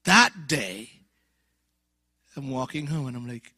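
A middle-aged man preaching his testimony as a guest speaker, telling the story with animated acted dialogue and voicing other people in a high pitch. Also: takes it slowly, no echo, clean studio sound.

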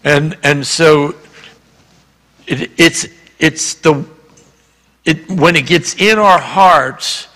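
A man's voice: fairly high pitch, extremely slow, pauses often, pushed and bright. A man with a Southern US accent preaching a sermon as pastor, telling a story and acting out the dialogue. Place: church sanctuary. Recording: reverberant church hall.

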